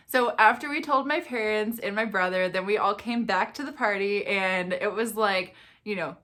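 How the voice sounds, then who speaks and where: A woman's voice: mid-range voice, normal speed, a bit bright. A young woman vlogger telling a personal story in a casual, chatty way, full of "like" and "you know".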